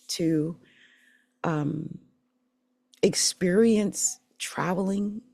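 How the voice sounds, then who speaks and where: A middle-aged woman from the Philadelphia area telling her life story in a candid, emotional, rambling way, with halting restarts. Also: on the low side, creaky, dark tone, husky, dry recording. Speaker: channel host sharing her life story. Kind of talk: personal storytelling monologue.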